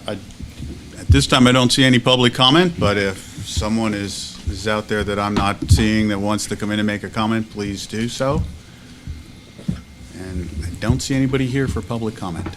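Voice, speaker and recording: A man chairing a school board meeting, halting and restarting with fillers as he walks through procedure. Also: lowish voice, noisy background.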